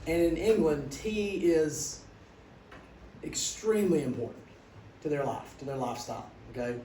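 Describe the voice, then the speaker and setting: A middle-aged man, teaching a class through animated stories and questions to students. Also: fairly high pitch, moderate pace. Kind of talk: classroom storytelling lecture. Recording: echoey classroom, distant mic, background noise.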